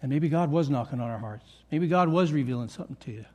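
A man's voice: a little high, fast, warm tone. An older man preaching a sermon to his church, earnest and repeating key phrases for emphasis. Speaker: pastor. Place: church meeting room.

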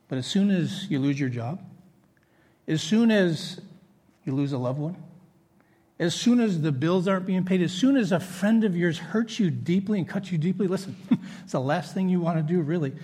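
A man preaching a sermon in an animated, conversational way. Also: high voice, moderate pace. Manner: animated, conversational preaching with jokes and acted quotes. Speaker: pastor. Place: church hall with congregation. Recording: echoey church hall.

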